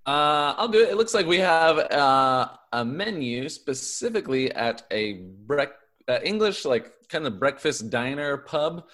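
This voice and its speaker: A man's voice: fairly high pitch, lively intonation, a little slow, fairly bright tone. A man co-hosting an improv comedy podcast, describing a scene setting at an easy pace.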